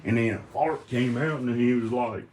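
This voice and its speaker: A man rambling through a silly comedic monologue, often breaking into high giggling fits. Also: moderate pace, a little mellow. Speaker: comedic video maker.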